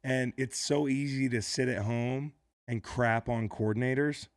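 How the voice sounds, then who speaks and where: A man's voice: medium pitch, steady tone, unhurried, no echo. A man hosting a podcast in a studio, talking casually and asking long, chatty, leading questions. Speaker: podcast host.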